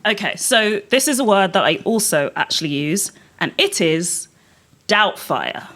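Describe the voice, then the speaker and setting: Woman, comedian panelist, giggly, quick-witted, mid pitch. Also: expressive, fairly bright tone. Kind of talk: comic pitch on a panel show.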